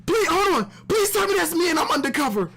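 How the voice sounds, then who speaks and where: Excitable man yelling in a live reaction. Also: fast talker, creaky, background noise. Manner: excitable, bursts into high shouts and laughter; slangy, repeats himself. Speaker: streamer reacting to a comic chapter. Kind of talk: live stream reaction chat.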